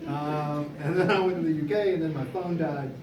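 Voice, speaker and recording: A young man moderating a convention panel tells a casual anecdote as an animated storyteller, laughing often, in a fairly high voice at normal speed. The room echoes, the mic is distant, and there's background noise.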